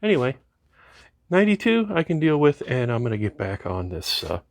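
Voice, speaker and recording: A man's voice: medium pitch, very animated, fairly quick, creaky, no room sound. A man talking casually through a DIY car repair in his garage, rambling and joking wryly as he works. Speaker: home mechanic vlogger.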